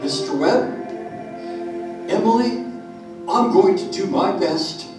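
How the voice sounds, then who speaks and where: A man voicing a nervous young groom who speaks in an earnest, halting way in an amateur play reading. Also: high-pitched, lively intonation. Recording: echoey room, mic far off, music behind.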